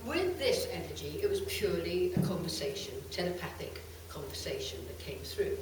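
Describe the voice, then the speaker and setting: A middle-aged woman tells stories to a live audience, her pitch swinging high and low. Her voice reaches the microphone from a distance and rings around a large, very echoey hall. A faint noise hums underneath. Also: normal speed. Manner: lively, animated storytelling with bursts of laughter. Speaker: channeler giving a talk. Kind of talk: storytelling talk to a live audience.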